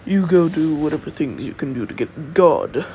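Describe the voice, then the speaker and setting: A man voicing a smug, calm young male dragon heir who boasts matter-of-factly, recorded on a phone. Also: fairly high pitch, moderate pace, a little hiss or hum.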